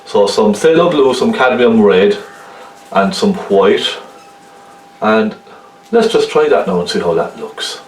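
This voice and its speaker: A painting instructor with a Cork Irish accent gives a chatty, casual painting tutorial, often checking in with the viewer. His voice is on the low side with lively intonation, unhurried and full of long pauses. The rough recording is reverberant and distant, with a little hiss or hum.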